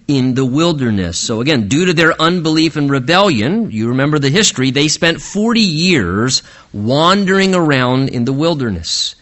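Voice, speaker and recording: A male pastor preaching a sermon, explaining scripture verse by verse and slowing down earnestly to stress key phrases. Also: on the high side, fairly bright tone.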